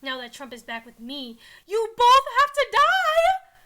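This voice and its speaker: A woman's voice: high-pitched, lively intonation, normal speed, sharp tone, full character voice. A woman doing a gloating fanged male tyrant. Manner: gloating, theatrical. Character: smug villainous male tyrant with fangs.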